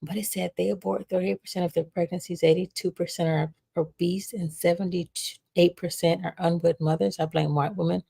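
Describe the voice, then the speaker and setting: A woman's voice: fairly low pitch, steady tone, moderate pace, vocal fry, dark tone, husky. A young woman hosting a livestream, chatting casually with viewers and reading their comments aloud. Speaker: livestream host.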